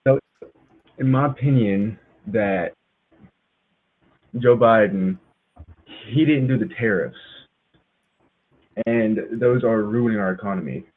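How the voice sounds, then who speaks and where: A man's voice: fairly low pitch, slow pace, pauses often. A young man in his twenties calling in with short answers. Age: 20s. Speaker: caller. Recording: tinny phone line.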